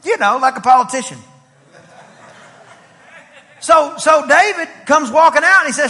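High-voiced man preaching a sermon. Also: moderate pace, long pauses, pushed and bright, big-room sound. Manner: rhythmic preaching with repetition and acted-out stories. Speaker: pastor. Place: church sanctuary.

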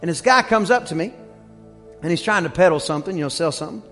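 A man with a very high voice preaches a lively sermon and builds to shouts on his key points. Faint music plays behind him. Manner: preaching with rising shouts and quick asides. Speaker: pastor.

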